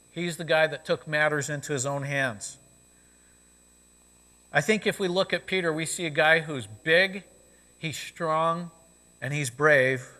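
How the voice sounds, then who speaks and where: A man's voice: a little high, pushed and bright. Guy pastor preaching, chatty and loose, lots of "you know", big echoey church sound. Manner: conversational preaching, frequent "you know" fillers. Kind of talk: sermon. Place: church sanctuary. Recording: long reverb of a church sanctuary.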